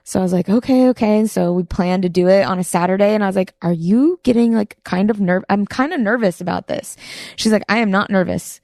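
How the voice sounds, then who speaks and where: A woman's voice: medium pitch, a little fast, darkish tone, no room sound, studio quality. A young woman, a guest athlete, in easygoing casual chat, laughing often and hesitating with fillers.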